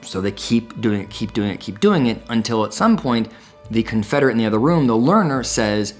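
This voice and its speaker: A man's voice: medium pitch, expressive, brisk, faint music behind. A man, a psychologist, explaining a classic study in an educational talk, telling it as a story. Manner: storytelling, acts out quoted dialogue.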